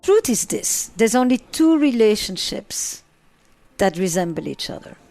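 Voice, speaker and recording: A woman's voice: medium pitch, sing-song, a little slow, darkish tone, dry recording, soft background music. Emphatic woman psychotherapist. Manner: emphatic, repeats phrases for effect. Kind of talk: interview answers.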